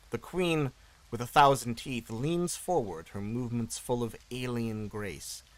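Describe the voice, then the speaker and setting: A man's voice: medium pitch, fairly bright tone, rough recording. A man hosting a game playthrough, reading the story text aloud and chatting playfully between scenes. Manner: chatty, self-correcting, playful. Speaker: gaming channel host.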